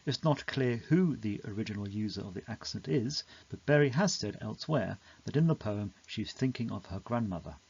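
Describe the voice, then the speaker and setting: Low, husky man narrating a lesson. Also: expressive, darkish tone, highs cut off. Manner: measured, clear and explanatory. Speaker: teacher explaining a poem. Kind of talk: scripted educational narration.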